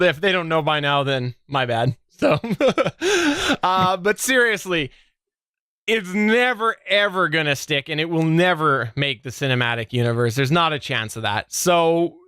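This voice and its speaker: A man hosting a casual podcast, with a bright, forceful voice that sits a bit high. He sounds smooth and crisp and talks in an animated, chatty way. The sound is close and dry. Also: unhurried, no echo. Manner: laughs often, animated and chatty. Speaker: podcast host.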